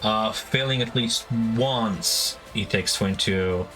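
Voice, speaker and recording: A man's voice: on the low side, slow pace, sharp tone. Game master guy, laid-back rules explainer, music playing behind. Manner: explains rules, laughs easily. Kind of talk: running a tabletop game. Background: background music.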